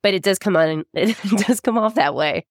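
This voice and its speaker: A woman's voice: medium pitch, moderate pace, dry recording, studio quality. A woman co-hosting a podcast, telling a story in a casual chat, laughing often and swearing freely. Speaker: podcast co-host.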